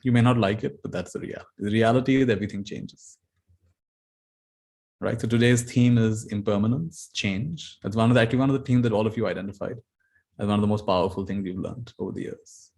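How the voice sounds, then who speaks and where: Gentle meditation teacher. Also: male voice, on the low side, fast talker, creaky. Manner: gentle storytelling, repeats key phrases. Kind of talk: dharma talk.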